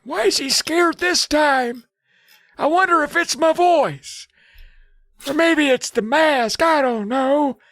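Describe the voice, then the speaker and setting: A podcaster voicing a boy trapped in a creepy old man mask, with a weak, raspy voice, high and fretful. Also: slow, fairly bright tone, no room sound, heavily acted. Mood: worried. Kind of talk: casual retelling with acted quotes.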